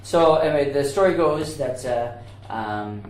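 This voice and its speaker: A man co-hosting a casual podcast, telling stories slowly with lots of fillers and restarts. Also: medium pitch, expressive, darkish tone, roomy sound, low-quality recording. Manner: rambling, hesitant storyteller with many fillers. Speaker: podcast co-host. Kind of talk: casual chat.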